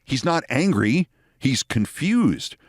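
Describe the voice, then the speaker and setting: A man's voice: mid-range voice, very animated, slow pace, dry recording, studio quality. A man in his sixties hosting a show, telling a long personal story in a wry, theatrical manner. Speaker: host. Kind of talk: storytelling monologue.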